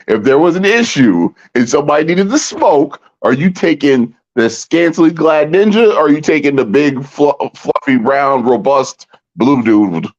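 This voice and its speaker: A man co-hosting a casual podcast, teasing and needling his partner with dry put-downs. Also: mid-range voice. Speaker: podcast co-host. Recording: dull lo-fi sound.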